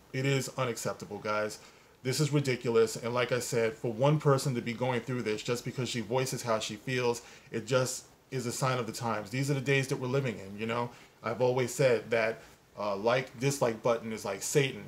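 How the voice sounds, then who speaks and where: A man hosting a commentary video, talking in an indignant, emphatic way and rambling with fillers as he sounds off on an online controversy. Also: mid-range voice. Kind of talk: opinionated casual commentary.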